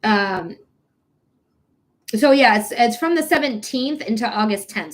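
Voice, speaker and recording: A woman's voice: on the high side, lively intonation, a little slow, long pauses. A woman reading tarot on a live stream, emotional and close to tears, gushing thanks to viewers and cursing casually. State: tearful.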